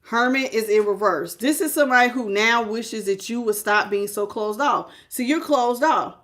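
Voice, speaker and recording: A woman's voice: on the high side, moderate pace, a bit bright. A woman giving a casual live tarot reading, talking straight to the viewer and greeting people in the chat. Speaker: tarot reader.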